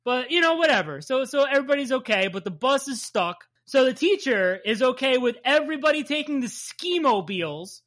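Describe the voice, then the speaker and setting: A man's voice: very high-pitched, animated, brisk, few pauses, fairly bright tone. A man from New Jersey with a Jersey accent, co-hosting a casual recap podcast, rambling and swearing as he laughs along. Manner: profane, rambling, laughs often. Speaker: podcast co-host.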